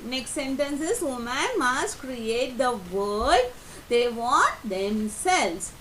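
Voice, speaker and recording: A woman's voice: high voice, very animated, takes it slowly, fairly bright tone, a little hiss or hum, poor audio. A woman teaching an English grammar lesson, reading example sentences aloud and explaining each one, with small grammar slips. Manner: reads example sentences then explains them, non-native grammar slips.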